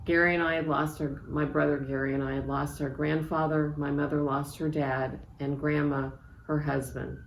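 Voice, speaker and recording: A woman in her sixties, an author reading aloud from her memoir in a measured, reflective way. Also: low-pitched, level tone. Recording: echoey room with faint background noise.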